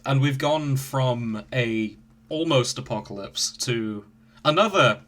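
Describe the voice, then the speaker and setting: A man's voice: medium pitch, slow pace. A man hosting a podcast in casual chat, joking and laughing often. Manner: jokey, laughs often, animated. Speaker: podcast host.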